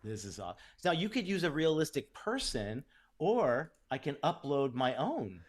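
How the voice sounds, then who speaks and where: A man co-hosting a software tutorial livestream, reacting with upbeat, enthusiastic banter. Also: a little high, sing-song, moderate pace, breathy edge.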